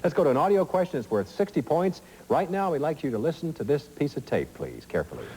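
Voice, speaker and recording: A man's voice: a little high, very animated, quick pace, warm tone, slightly rough, long reverb tail, low-quality recording. A middle-aged man hosting a TV quiz show, reading questions and chatting in asides full of fillers, in a studio. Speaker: game show host.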